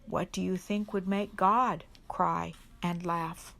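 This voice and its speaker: A woman reading a children's picture book aloud at a church service for kids, gentle and unhurried, pausing to put questions to the children. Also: lowish voice, fairly even intonation, gravelly. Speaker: reader at a children's worship service.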